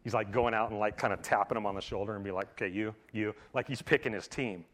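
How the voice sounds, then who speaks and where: A man preaching a sermon in a casual, conversational way, filling his talk with "like" and swinging from loud emphatic bursts to hushed lines. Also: fairly low pitch, fairly even intonation, fast talker. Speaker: pastor. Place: church service.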